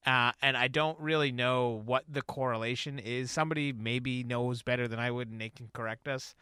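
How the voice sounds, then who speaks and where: Give me a bright-toned man rambling loosely through a casual podcast chat, dry sound. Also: mid-range voice, smooth, dry recording. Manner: rambling, hesitant, laughs easily. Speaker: podcast co-host.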